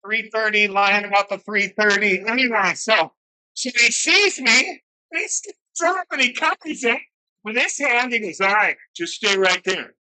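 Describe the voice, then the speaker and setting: A man's voice: extremely high pitch, moderate pace, pushed and bright, poor audio. A man sharing his recovery story at a meeting, candid, profane and self-mocking, in a room where a camera follows him. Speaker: alumni speaker at a recovery meeting. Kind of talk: personal recovery story share.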